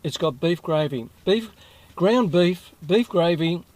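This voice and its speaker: Chatty Australian man with a higher voice. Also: expressive, slow pace, darkish tone, dry recording. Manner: chatty, rambling, self-correcting asides. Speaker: food reviewer vlogger. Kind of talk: casual food review to camera.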